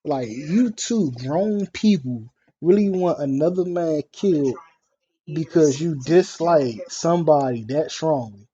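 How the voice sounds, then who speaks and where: A man's voice: on the high side, animated, a little slow, mellow. A man hosting a casual livestream, talking bluntly and cursing freely. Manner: blunt and profane. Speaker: livestream host. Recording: dull lo-fi stream audio.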